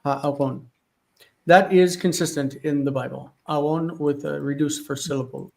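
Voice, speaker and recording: A man with a fairly high, gravelly yet slightly mellow voice speaks at normal speed with fairly even intonation over poor audio. As a Hebrew teacher giving a live online class, he works through texts and thinks aloud, breaking off mid-sentence to look up references. The setting is a home studio lit by one light.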